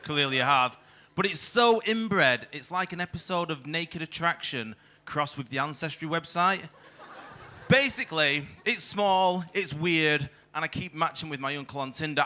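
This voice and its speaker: A man's voice: a little high, lively intonation, normal speed, bright, forceful tone. A young man doing a crude, self-mocking stand-up set in a comedy club, teasing the crowd. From England.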